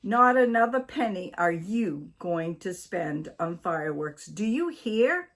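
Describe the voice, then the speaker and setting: A woman reading aloud and voicing a fussy, flustered wife in a high, shrill, scolding voice. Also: expressive, slow pace.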